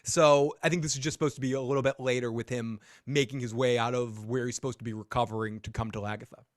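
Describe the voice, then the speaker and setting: A man's voice: medium pitch, fairly even intonation, quick pace, no room sound, studio quality. Joking man recapping a TV episode. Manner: joking, sarcastic asides. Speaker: podcast host. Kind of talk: casual TV recap.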